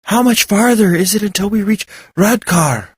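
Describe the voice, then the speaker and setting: Storybook figure: man reading an impatient young woman, high and pushy. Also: moderate pace, breathy edge, no room sound, studio quality, close to an everyday voice. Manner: nagging, demanding.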